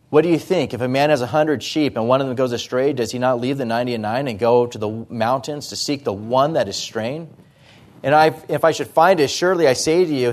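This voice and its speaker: A pastor preaching a sermon in church, talking through scripture in a conversational way with rhetorical questions. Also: male voice, medium pitch.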